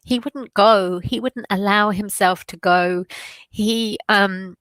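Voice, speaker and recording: A woman's voice: medium pitch, fairly even intonation, slow, fairly bright tone, no echo. A woman hosting a weekly tarot meditation, talking in an emotional, rambling way with a runny nose. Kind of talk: casual spiritual talk.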